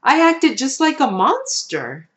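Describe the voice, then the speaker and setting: A woman voicing a young boy who worries that nobody loves him, in a high pleading childlike voice. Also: sing-song, slow pace, a bit bright, a little hiss or hum, full character voice. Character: young boy, anxious and wanting to be loved.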